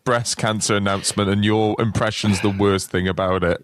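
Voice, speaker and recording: A man's voice: fairly low pitch, flat delivery, a little fast, slight background noise. A man co-hosting a comedy podcast, telling a self-mocking anecdote in a wry way. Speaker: podcast co-host. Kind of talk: casual comedy podcast chat.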